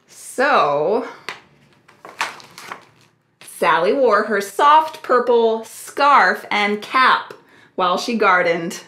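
Brief: children's librarian woman, bright lively storytime reading, slow and animated, in a roomy, echoey space. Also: mid-range voice. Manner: slow, expressive, asks the children questions.

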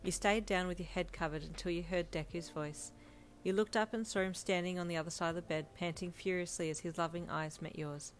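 A woman reads her romance fanfiction aloud in a fairly low voice. Her narration is steady and gentle, with a faint hiss in the recording. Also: a little fast. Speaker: fanfiction reader. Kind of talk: scripted narration.

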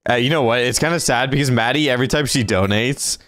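A man livestreaming a video game, chatting casually and reacting out loud as he plays. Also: medium pitch, fast talker, no echo. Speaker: gaming streamer. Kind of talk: casual live gameplay commentary.

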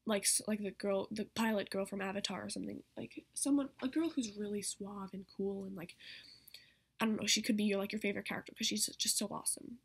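A woman's voice: mid-range voice, fairly even intonation, fast talker, vocal fry, husky. A woman vlogger rambling casually as she explains how to do character voices. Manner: rambling, chatty.

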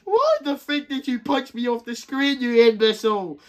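A man's voice: extremely high pitch, sing-song, normal speed, pitched above the performer's own voice. A man voicing a lazy, grumpy young bro in a homemade comedy movie.

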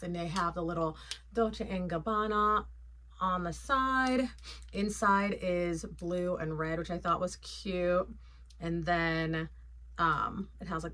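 A woman's voice: fairly low pitch, bright, forceful tone. A woman vlogger chatting casually and playfully, with lots of fillers, about her sunglasses collection. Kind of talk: casual haul chat.

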